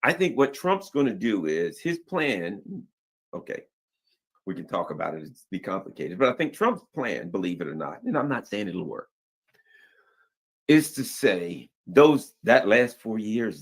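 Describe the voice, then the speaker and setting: Animated low-voiced male commentator. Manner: animated, rambling, slangy. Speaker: news commentary host. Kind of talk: casual political commentary.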